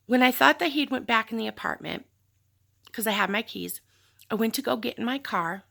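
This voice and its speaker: Gravelly, bright-voiced woman telling her story. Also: on the high side, fairly quick. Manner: candid, reflective, with sighs and fillers. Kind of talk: personal storytelling.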